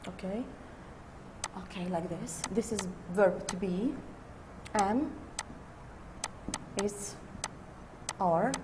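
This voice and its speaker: Over some background noise, a woman teaching English online works through a grammar lesson in a mid-range voice. A native Arabic speaker, she speaks slowly, says important words more than once, and explains points in Arabic.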